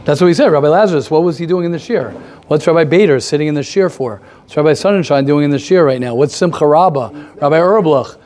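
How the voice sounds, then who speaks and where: High-voiced man teaching with rhetorical questions. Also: fast. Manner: animated, fires rhetorical questions, repeats points. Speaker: teacher of a class. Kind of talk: casual lively classroom talk.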